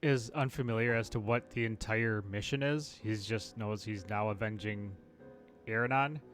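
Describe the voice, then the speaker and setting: A man's voice: fairly low pitch, normal speed, fairly bright tone, faint music behind. Man playing in a tabletop game. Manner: speaks for his character in third person. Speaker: player. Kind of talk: casual chat during a tabletop game.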